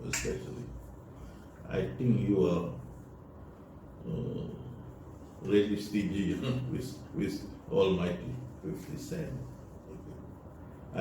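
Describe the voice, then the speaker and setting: A man's voice: fairly low pitch, warm tone. A man giving an earnest religious talk, urging listeners and repeating key points. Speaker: religious speaker. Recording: echoey room, voice from far off, faint noise.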